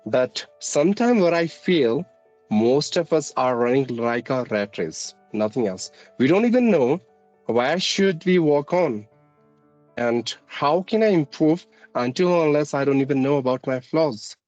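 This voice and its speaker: A man's voice: medium pitch, animated, unhurried, a little mellow, no room sound, dull audio. Earnest, formal man from India. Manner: formal and earnest, polite "ma'am". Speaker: English teacher, channel host. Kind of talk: conversational interview. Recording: faint background music.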